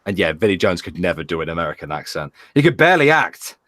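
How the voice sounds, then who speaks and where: A British man co-hosting a casual talk show, rambling and stammering as he retells things with animated quotes. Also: deep voice, fast talker, dry recording, studio quality. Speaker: podcast co-host. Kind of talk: casual chat.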